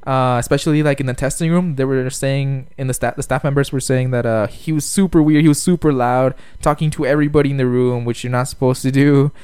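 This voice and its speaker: A man's voice: medium pitch, steady tone, fast talker, hardly any pauses, a little mellow, clear, resonant tone, dry recording. A young man co-hosting a podcast, rambling in casual chat with lots of fillers and laughter. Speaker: podcast co-host.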